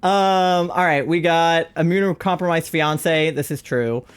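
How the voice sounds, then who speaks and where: A young adult live streamer casually telling a story to chat, animated and wry, laughing often. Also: unhurried, clear, resonant tone. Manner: animated, laughs often, big swings in pitch.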